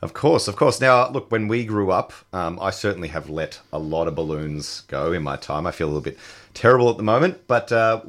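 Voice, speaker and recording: A chatty Australian man hosting a relaxed community radio show. His voice sits a little low, with a lively, swinging delivery. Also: fairly quick. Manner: chatty, laughs easily, many fillers. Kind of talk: casual community radio chat.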